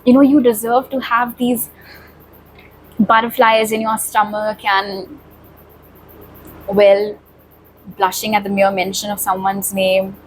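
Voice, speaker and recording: A woman's voice: a little high, a little hiss or hum, low-quality recording. A woman giving a pick-a-card tarot reading, talking straight to viewers in a reassuring way. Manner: reassuring, addresses viewers directly. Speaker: tarot reader.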